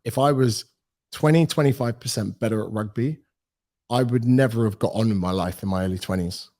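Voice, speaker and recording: A British personal trainer in his thirties talks briskly in a lowish voice during a casual podcast interview where he's the guest. An animated storyteller, he acts out the quoted dialogue.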